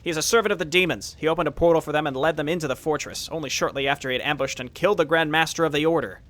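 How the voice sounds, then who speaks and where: A man's voice: a little high, very fast, fairly bright tone, natural voice. A man voicing a summoned fire spirit, once a man, reading the game text in a plain, earnest way.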